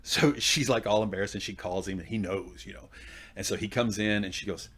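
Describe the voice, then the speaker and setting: Middle-aged male comedian guest, rapid storyteller, laughs through his punchlines. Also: lowish voice, steady tone, a bit bright. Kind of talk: casual storytelling chat.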